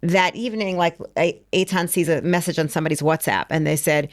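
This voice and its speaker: A woman's voice: fairly low pitch, a little fast, dry recording, studio quality. A middle-aged woman telling a story in casual conversation as a guest, acting out the quotes as she goes. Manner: animated, acts out quotes.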